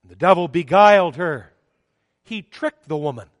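High-voiced man preaching with emphatic stresses. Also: studio quality. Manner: emphatic, measured preaching with rising and falling stresses. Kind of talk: sermon. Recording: long hall reverb.

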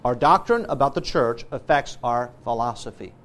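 A man's voice: medium pitch, animated, normal speed, a bit bright. A man preaching a sermon, emphatic and listing scripture references point by point. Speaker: pastor. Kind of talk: sermon teaching.

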